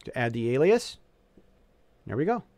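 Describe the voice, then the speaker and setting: A man giving a casual software walkthrough, thinking aloud as he clicks through, often restarting and correcting himself. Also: medium pitch, sing-song, moderate pace, no room sound. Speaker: tutorial presenter.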